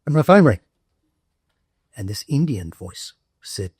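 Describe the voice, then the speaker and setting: Older aussie guy, husky lowish voice, telling his story plain and matter-of-fact, dry close sound. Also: very animated, measured pace, long pauses, a little mellow, no room sound. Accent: Australian. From Australia. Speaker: veteran interviewee. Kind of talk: documentary interview, recounting a career.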